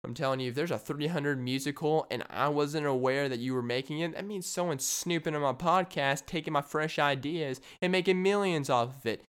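A man's voice: a little high, a little fast, few pauses, fairly bright tone, clean tone. A man hosting his own solo podcast, rambling in a jokey way and riffing on silly ideas. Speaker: podcast host. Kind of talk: solo comedic podcast monologue.

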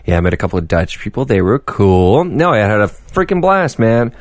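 Lively young man with a deep voice. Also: brisk, no echo, clean studio sound. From Canada. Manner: animated storyteller, acts out high-pitched quoted voices. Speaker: podcast co-host. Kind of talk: casual chat.

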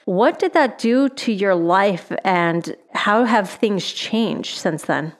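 A woman's voice: mid-range voice, expressive, takes it slowly. A woman interviewing a guest about his faith, affirming and preacherly.

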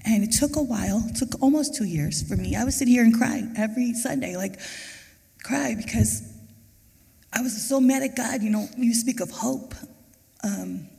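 A woman speaks with a dark, husky, gravelly voice, earnest and halting as she gives a personal testimony at a church service. Her words ring out with the long reverb of a large church auditorium. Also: on the high side. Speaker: mother of a murder victim, guest on stage.

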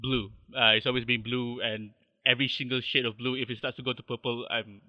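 A man's voice: medium pitch, level tone, brisk, no echo, dull audio. A man with a Malaysian English accent, a podcast guest chatting casually and rambling with many restarts. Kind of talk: casual interview chat.

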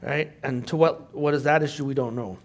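A man's voice: medium pitch, fairly even intonation, fairly quick. A middle-aged male pastor preaching a sermon in a conversational way, with joking asides.

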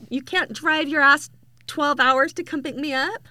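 A woman's voice: sits high, a little slow, sharp tone. A woman co-hosting a podcast, asking rambling curious questions in casual chat. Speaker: podcast co-host.

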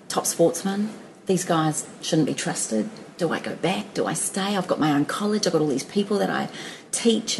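A woman's voice: fairly low pitch, gravelly, a little mellow, slight background noise, rough recording. A middle-aged woman from Australia, chatty and laughing often as she tells her story in a casual interview, with many restarts. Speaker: guest.

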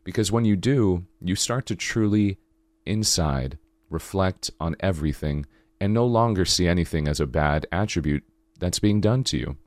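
Very deep-voiced man, sultry morning voice. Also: lively intonation, moderate pace, darkish tone, no room sound. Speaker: podcast host. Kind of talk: spiritual monologue podcast.

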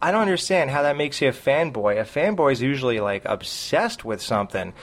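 A man's voice: medium pitch, very animated, brisk, fairly bright tone. A man co-hosting a podcast, ranting in a profane, sarcastic way in casual chat. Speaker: podcast co-host.

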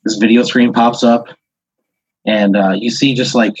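A man's voice: medium pitch, steady tone, unhurried, breathy edge, no room sound. A man hosting a podcast, telling an improvised second-person story in a rambling way full of "like" and "uh" fillers. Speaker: podcast host. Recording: dull lo-fi audio.

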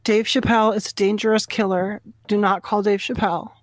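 A woman making prank phone calls, delivering absurd insults in a mock-earnest, deadpan way. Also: mid-range voice, a little fast, no room sound. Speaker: prank caller.

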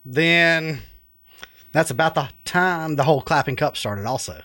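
A man's voice: a little high, expressive, measured pace, pushed and bright, no echo, clean studio sound. A man, an ex-roadie guest laughing sheepishly at himself in casual podcast chat.

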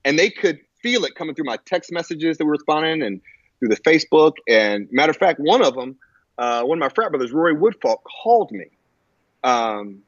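A man telling a personal story in a halting way, with many fillers and restarts, on a muffled lo-fi recording. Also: on the high side, big pitch swings, no room sound. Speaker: guest. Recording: muffled lo-fi audio.

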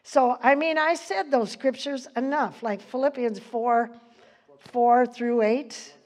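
A woman's voice: fairly high pitch, slow pace. An older woman giving an informal Bible teaching, chatty, quoting scripture and laughing often.

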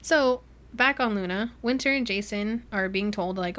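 A young woman hosting a book club podcast, retelling a novel's plot in a chatty, animated way and acting out the characters' lines. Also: medium pitch, moderate pace. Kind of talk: casual chat recapping a book.

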